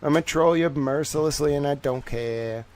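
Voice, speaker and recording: A man's voice: a little high, normal speed, a little mellow. A man hosting a casual livestream, speaking in a put-on Southern drawl, playful, teasing and boastful. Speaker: livestream host.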